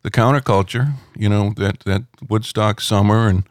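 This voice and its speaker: A middle-aged man, a rock critic, telling anecdotes in a relaxed interview at home, rambling with many fillers. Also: lowish voice, moderate pace, no echo, clean studio sound.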